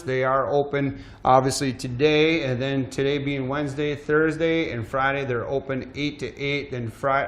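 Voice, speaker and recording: A man hosting a live shopping show, pitching deals in an energetic, emphatic sales voice, slightly out of breath. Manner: energetic, emphatic promo delivery.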